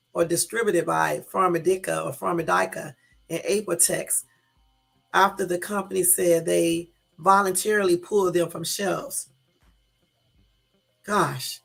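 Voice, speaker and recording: A woman with a gravelly, creaky voice hosts a casual live stream and talks straight to her viewers. She reads out the news with emphatic, exasperated asides. Her pitch sits in a middle range, and soft music plays faintly behind her. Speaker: YouTube live-stream host. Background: faint background music.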